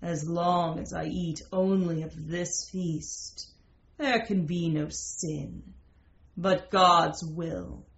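A woman voicing a joyful medieval man who speaks in solemn, scriptural phrases, slightly lower than her narration, in a roomy, slightly dull recording. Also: drawn-out words. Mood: exultant. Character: joyful, devout-sounding medieval male lover.

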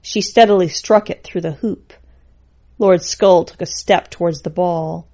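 A woman reading a story aloud in a steady, plain way. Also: fairly low pitch, measured pace, highs cut off.

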